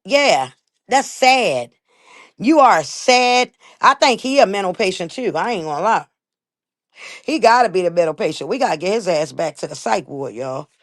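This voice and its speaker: A woman hosting a livestream, talking bluntly and emphatically in a heated, profane rant. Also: lowish voice. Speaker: livestream host.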